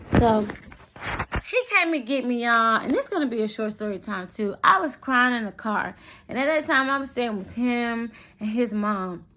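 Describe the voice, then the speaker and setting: A young woman telling a storytime vlog, animated and constantly addressing her viewers directly. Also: a little high, moderate pace. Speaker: vlogger.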